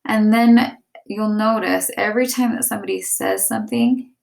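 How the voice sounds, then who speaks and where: A woman's voice: mid-range voice, steady tone, moderate pace, gravelly, a little mellow, slight background noise. A woman teacher explaining step by step and reading example sentences aloud. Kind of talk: classroom lesson.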